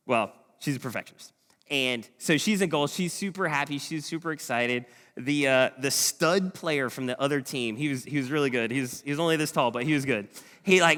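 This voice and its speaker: Male pastor, thirties, bright forceful voice, animated sermon, long church reverb. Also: fairly high pitch. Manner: animated, chanting a call-and-response war cry. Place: church hall.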